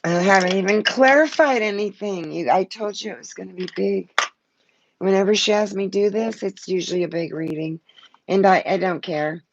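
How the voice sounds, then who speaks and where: A woman's voice: medium pitch, normal speed, dull audio. A woman giving a live-stream tarot reading, blunt and emotional, swearing freely and short of breath. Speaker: tarot card reader.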